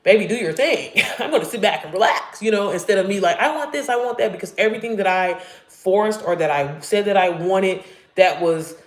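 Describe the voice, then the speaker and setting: A woman's voice: fairly quick, roomy sound. Candid, profane woman chatting on a live stream. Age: 30s. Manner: candid, profane, preachy and laughing, with lively swoops up in pitch when excited. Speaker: digital marketing creator on a live stream. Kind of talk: casual live-stream chat.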